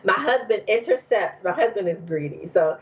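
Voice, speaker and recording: A woman's voice: mid-range voice, expressive, moderate pace, muffled recording. A woman from New Jersey telling her story as a podcast guest in casual chat, laughing often and using many fillers.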